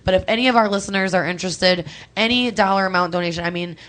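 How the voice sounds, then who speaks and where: A young woman, chatting on a call-in show, animated and quick to laugh, emotional and close to tears at times. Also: medium pitch. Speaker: co-host. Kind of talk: casual radio chat.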